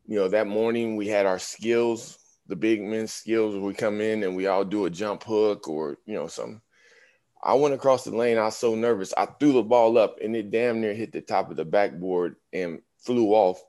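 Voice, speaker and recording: A man's voice: lowish voice, normal speed. A man in his fifties, a former pro basketball player, telling stories in a casual interview and acting out the voices of people he quotes. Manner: animated storyteller, acts out quoted voices.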